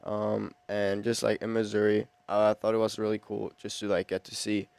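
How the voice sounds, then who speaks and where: Low, flat-voiced young German man. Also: moderate pace, vocal fry, smooth, no echo. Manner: relaxed storytelling, fillers. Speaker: exchange student. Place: school TV studio.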